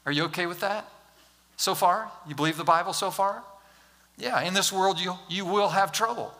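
A male pastor preaching a sermon, animated and humorous, acting out Bible scenes and talking directly to the congregation. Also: high-pitched, normal speed. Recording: long hall reverb.

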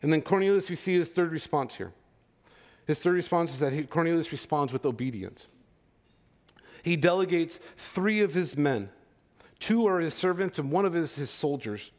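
Conversational male pastor preaching, slightly high voice. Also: animated, moderate pace, darkish tone. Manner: conversational, checks in with "okay?" and "right?". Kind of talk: sermon.

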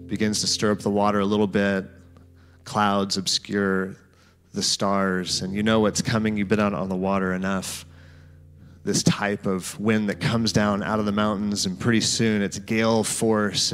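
A man's voice: lowish voice, a bit bright. A man preaching a sermon, telling a story in guided imagery and speaking to the listeners as "you". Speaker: pastor.

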